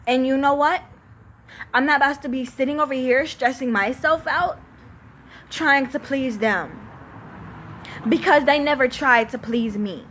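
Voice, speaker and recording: Teen girl vlogger, unloading her grievances on camera, slow deliberate delivery, somewhat high voice, cursing emphatically. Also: fairly bright tone, slight background noise. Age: teens. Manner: profane, emphatic, exasperated. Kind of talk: venting to camera.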